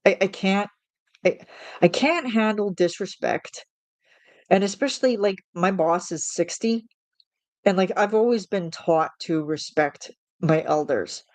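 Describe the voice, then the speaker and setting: A woman's voice: mid-range voice, measured pace, darkish tone, no room sound. A woman in her thirties venting in a casual monologue, exasperated and ranting, often restarting her sentences. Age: 30s. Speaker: vlogger.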